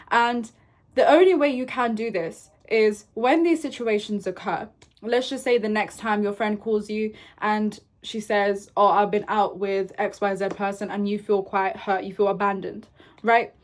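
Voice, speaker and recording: Woman coaching gently, "right?". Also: medium pitch, moderate pace. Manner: gentle coaching tone, frequent "right?" and "okay?" tag questions. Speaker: self-help vlogger. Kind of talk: casual advice talk to camera.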